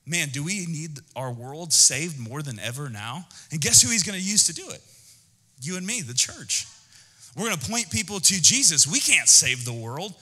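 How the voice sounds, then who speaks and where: A male pastor giving an energetic, conversational sermon, talking directly to the congregation with quick asides. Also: fairly high pitch, big-room sound.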